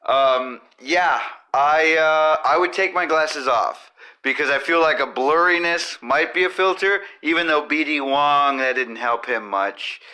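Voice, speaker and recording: A man's voice: fairly high pitch, unhurried, bright, forceful tone. A man hosting a comedy podcast, rambling goofily and breaking into silly riffs and sung nonsense. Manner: goofy, riffs and sings silly bits. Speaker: podcast host.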